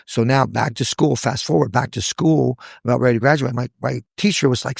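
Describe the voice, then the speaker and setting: A man in his sixties, a hair educator, telling stories from his career in a lively podcast chat, acting out the voices of people he quotes. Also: mid-range voice, fairly quick, creaky, breathy edge, no echo, clean studio sound. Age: 60s. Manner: animated storyteller, acts out quoted voices. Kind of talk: casual podcast storytelling.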